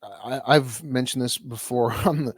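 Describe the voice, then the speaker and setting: An American man co-hosts a casual podcast, bantering loosely and laughing at his own remarks. His voice sits at a middling pitch. The sound is close and dry, with no room around it. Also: a little slow, breathy edge, no echo. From United States. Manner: laughing, self-deprecating banter with many restarts. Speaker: podcast co-host. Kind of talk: casual chat.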